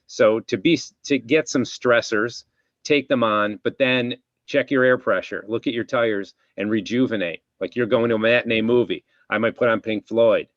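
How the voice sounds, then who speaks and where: A man's voice: mid-range voice, moderate pace, no echo. A man hosting a casual interview chat, talking in a rambling, reflective way. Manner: rambling, reflective, many restarts. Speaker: podcast host, chiropractor. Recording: dull, dry lo-fi sound.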